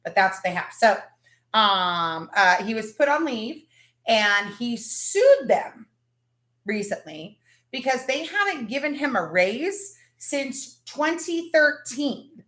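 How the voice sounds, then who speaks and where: A woman's voice: fairly high pitch, sing-song, takes it slowly, a bit bright, reverberant. A woman hosting a casual livestream, chatting and greeting viewers by name. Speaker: livestream host.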